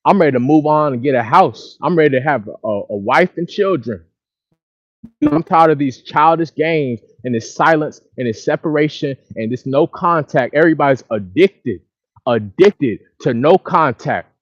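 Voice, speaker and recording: A man's voice: on the high side, expressive, normal speed, no echo, muffled recording. A man from Dallas, venting in a casual outdoor monologue, repetitive and frustrated. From Dallas, Texas. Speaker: vlogger. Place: outdoors by a lake or river.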